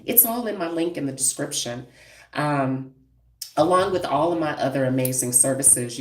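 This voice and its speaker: A woman's voice: rumbling low, darkish tone. A woman in her fifties, a hairstylist and brand owner, talking bluntly and emphatically to viewers on a casual live stream. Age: 50s. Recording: echoey room, distant from the mic.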